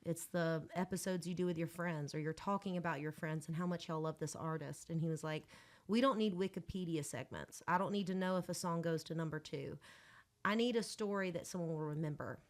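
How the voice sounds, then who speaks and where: A woman's voice: deep voice, fairly quick. Chatty woman telling stories. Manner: chatty storyteller, talks with her hands. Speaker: guest musician. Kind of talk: casual podcast chat.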